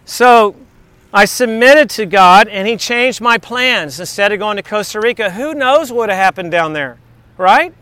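A man in his fifties, a teacher giving a devotional message to his class, telling faith stories in an excitable, chatty, digressive way. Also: high-pitched, normal speed, clear, resonant tone, no echo. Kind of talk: rambling faith storytelling to a class.

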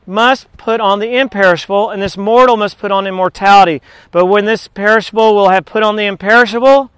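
A man delivering a sermon with emphatic scripture reading. His voice sits high for a man and sounds smooth and crisp. He keeps drawing in the listeners with quick questions. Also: fairly bright tone, dry recording. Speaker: preacher.

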